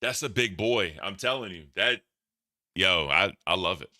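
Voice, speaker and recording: A man's voice: low voice, expressive, moderate pace, sharp tone, no room sound, clean studio sound. A man reacting to clips for his stream chat in casual, profane commentary. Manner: profane, laughing, talks to chat.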